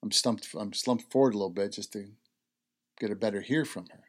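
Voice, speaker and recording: A man's voice: on the low side, a little fast. A man hosting a health talk, telling a personal story in a conversational way and repeating key phrases for emphasis. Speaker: host.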